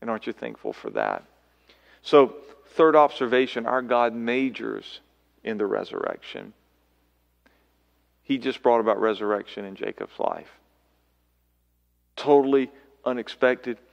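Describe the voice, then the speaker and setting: Gravelly-voiced preaching man in a reverberant church. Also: mid-range voice, lo-fi sound. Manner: animated preaching, voices quotes aloud with sudden loud calls. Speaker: pastor. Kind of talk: sermon. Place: church sanctuary. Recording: long church hall reverb.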